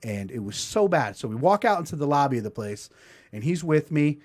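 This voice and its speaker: A man's voice: a little high, very animated, brisk, a little mellow. A man hosting a podcast, telling a story in a casual, profane, self-mocking way. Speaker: podcast host. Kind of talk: comedic storytelling.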